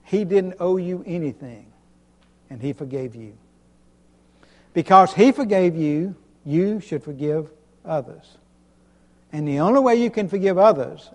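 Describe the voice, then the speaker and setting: A pastor preaching an emphatic sermon, repeating himself and chuckling between points. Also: male voice, fairly high pitch, expressive, a little slow, long pauses, darkish tone. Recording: long hall reverb.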